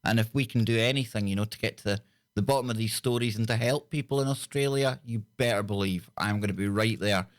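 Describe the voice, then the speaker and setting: A man's voice: on the low side, quick pace. Chatty, enthusiastic male talk show host. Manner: enthusiastic, chatty, repeats himself. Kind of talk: live talk show chat.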